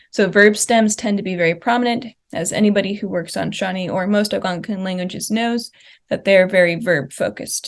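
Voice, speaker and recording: Young woman, mid-pitched, presenting research at a conference, explanatory, plain delivery with some uh and um. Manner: explanatory, walks through slide examples; uses fillers like uh and um.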